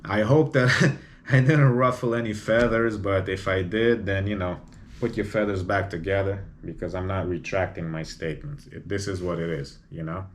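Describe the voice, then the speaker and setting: Blunt, low-voiced male podcast host. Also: fairly even intonation, moderate pace, a little hiss or hum. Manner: blunt, opinionated, repeats "you know". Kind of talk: solo podcast monologue.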